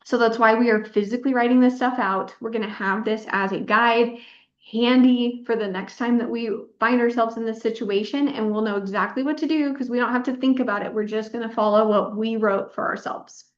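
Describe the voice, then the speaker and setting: A woman in her thirties giving a workshop as a pelvic health physical therapist, encouraging and repeating words for emphasis. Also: on the high side. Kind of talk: workshop presentation. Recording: echoey room, dull lo-fi sound.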